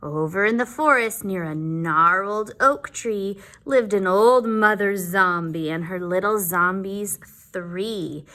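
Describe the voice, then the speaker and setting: A woman's voice: medium pitch, sharp tone. A woman teacher reading a picture book aloud to young children, with playful asides between the pages. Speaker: kindergarten teacher.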